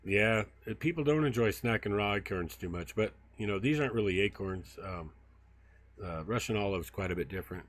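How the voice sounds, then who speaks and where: A fairly low, slightly bright male voice, moving a little fast. He's a field researcher hosting a casual livestream, rambling through filler-filled stories while he walks brushy woods near a river.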